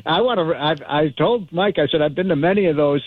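A man calling in as a guest on a talk radio show, speaking emphatically with halting restarts. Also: fairly high pitch, no room sound. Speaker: guest commentator on a phone line. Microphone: phone. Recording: tinny phone line.

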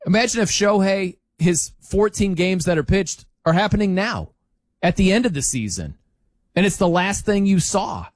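A man hosting a sports talk show, arguing his point in an incredulous, animated rant with laughs between points. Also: sits high, normal speed, no room sound, poor audio.

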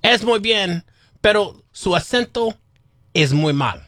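A playful male co-host trading teasing jabs with his partner on the radio. His voice is bright and set a little high, heard close in a dry studio. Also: animated, a little slow, no echo. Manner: playful, teasing, drops casual Spanish. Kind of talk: casual radio banter.

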